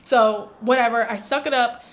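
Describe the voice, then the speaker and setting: A woman's voice: fairly high pitch, fairly even intonation, normal speed. A young woman telling a candid, chatty story to her viewers in a casual vlog. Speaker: vlogger.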